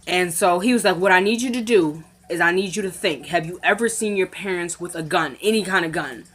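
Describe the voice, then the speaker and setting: A woman's voice: on the low side, fairly quick, fairly bright tone, breathy edge. Chatty woman recapping a TV episode. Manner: retells scenes by acting out characters' lines; chatty, addresses viewers directly. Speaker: recap vlogger. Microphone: camera mic.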